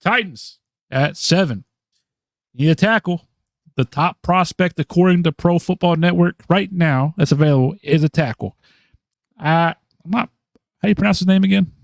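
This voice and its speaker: A man's voice: on the high side, moderate pace, creaky, dry recording, studio quality. A man co-hosting a podcast, talking through draft picks in casual chat, thinking aloud with many ums and restarts. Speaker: podcast co-host.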